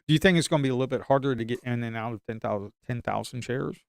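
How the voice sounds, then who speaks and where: A man's voice: medium pitch, very fast, creaky, clean tone, no room sound, studio quality. A man giving live stock trading commentary in an emphatic, repetitive way.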